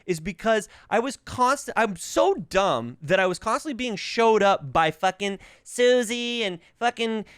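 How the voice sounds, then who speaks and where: A thirtysomething man hosts a podcast while ill with covid, coughing as he tells profane, comic stories casually. His high-pitched voice has a clear, resonant tone and a measured pace with few pauses, in studio quality with no room sound. He's animated and imitates voices in quotes.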